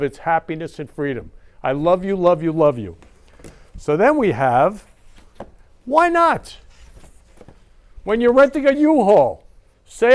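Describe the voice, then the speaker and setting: Gushing guy hosting his own show, kinda high voice, smooth and clean. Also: a little mellow. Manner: effusive, repeats "I love you" over and over. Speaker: show host. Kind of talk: casual show monologue.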